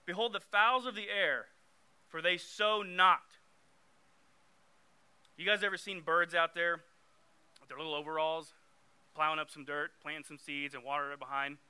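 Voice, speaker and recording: A man's voice: a little high, fairly even intonation, normal speed, pauses often, pushed and bright, clear, resonant tone. A young man giving a conversational sermon, getting emphatic when he reads scripture aloud. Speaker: youth preacher.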